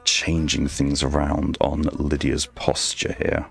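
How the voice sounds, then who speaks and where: A man streaming his art, talking softly in an ASMR-style murmur right on a close microphone, rambling to himself as he draws. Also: very deep voice, completely flat delivery, slow pace, gravelly, breathy edge. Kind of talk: soft ASMR-style stream chat while drawing. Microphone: very close desk microphone. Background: faint background music.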